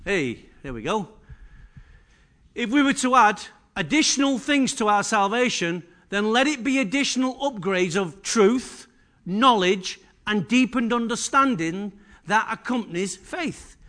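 A man's voice: high-pitched, expressive, a little slow, sharp tone. A man preaching a sermon to a church congregation, emphatic and full of rhetorical questions. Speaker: pastor. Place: church service.

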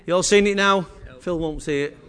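Mancunian guy giving a talk, high voice, chatty, teases the audience. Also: fairly quick, a bit bright. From Manchester, England. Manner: chatty, teasing, addresses audience directly. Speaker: presenter. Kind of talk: jokey live presentation to a room. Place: meeting room with small audience.

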